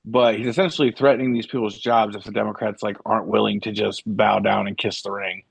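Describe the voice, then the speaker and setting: A man's voice: on the low side, fairly even intonation, fast talker, vocal fry, husky, no echo. A man co-hosting a casual political talk show, rambling and exasperated. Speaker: co-host.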